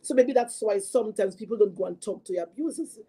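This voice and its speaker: A woman talking about her own past in a halting, earnest way, often repeating herself as she recounts it. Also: medium pitch, warm tone, breathy edge. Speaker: guest sharing a personal story. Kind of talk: emotional personal testimony.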